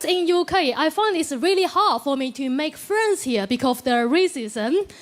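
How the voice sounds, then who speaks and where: A man's voice: very high voice, lively intonation, normal speed, pitched above the performer's own voice. A man putting on an exaggerated foreign accent to mock a complaining immigrant character. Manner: exaggerated put-on accent, whiny. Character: mocking high-pitched caricature of a complaining immigrant.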